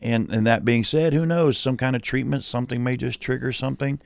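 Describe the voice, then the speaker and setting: A man's voice: medium pitch, fairly even intonation, a little fast, gravelly, clean tone, dry recording. A man co-hosting a radio show, agreeable and full of stammering restarts as he reads community listings. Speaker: radio co-host. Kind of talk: casual on-air chat and listings. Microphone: studio mic.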